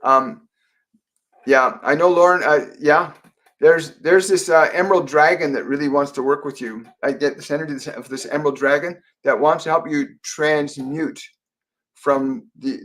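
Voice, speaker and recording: A man from Canada hosting a live psychic Q&A stream, speaking gently with frequent fillers and repeated phrases as he relays messages. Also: mid-range voice, fairly even intonation, normal speed. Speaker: psychic medium host.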